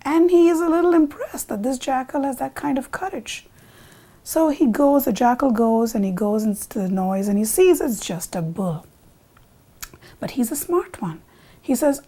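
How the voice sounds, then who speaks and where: A woman narrating a folk tale for a television program, expressive and animated. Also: high voice, normal speed. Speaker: storyteller.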